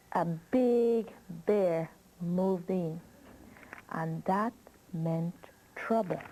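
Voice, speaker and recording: A woman telling a children's story in an unhurried, drawn-out way, pausing to ask the listener questions. Her pitch sits in a middling range. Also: dark tone, slight background noise, rough recording.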